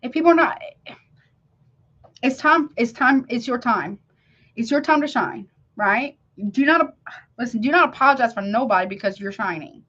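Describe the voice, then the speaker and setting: A woman's voice: fairly high pitch, animated, normal speed, pauses often, fairly bright tone, husky, lo-fi sound. A woman giving a casual tarot reading, emphatic and slangy, who keeps checking "you see what I'm saying?". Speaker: tarot reader.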